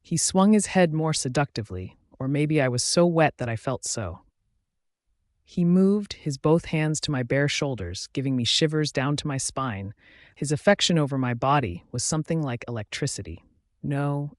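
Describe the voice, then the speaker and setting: Man, audiobook narration, steady, mid pitch, dry close sound. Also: moderate pace, no room sound. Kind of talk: first-person romance audiobook narration.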